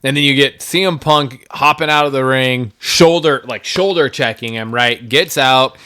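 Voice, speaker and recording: Excitable, bright-voiced podcast co-host man. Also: medium pitch, normal speed, clear, resonant tone. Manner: excitable, swears freely, animated retelling. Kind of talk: casual podcast chat.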